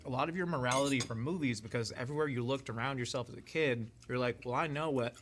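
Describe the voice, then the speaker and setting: A man's voice: mid-range voice, fast, fairly bright tone, slight background noise. A man interviewing a guest casually, mostly offering brief affirmations and asking probing personal questions.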